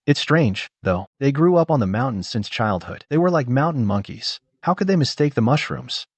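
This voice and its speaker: A man's voice: mid-range voice, lively intonation, normal speed, dry recording. An actor playing a village man gossiping about neighbors in a dubbed drama. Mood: gossipy. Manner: gossipy storytelling.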